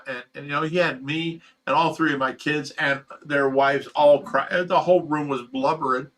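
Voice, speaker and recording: A man's voice: fairly high pitch, fairly even intonation, normal speed, hardly any pauses, fairly bright tone, rough recording. Emotional middle-aged man telling a story. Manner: emotional, rambling, swears freely. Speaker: fish rescue owner. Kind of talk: casual personal storytelling.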